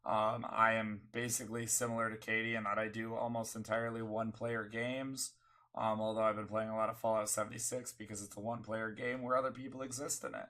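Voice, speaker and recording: Sick young dude, gravelly worn voice, kinda tense and bright, rambles on about stuff. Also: male voice, lowish voice, flat delivery, fast talker. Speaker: streamer and podcast co-host. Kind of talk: casual chat.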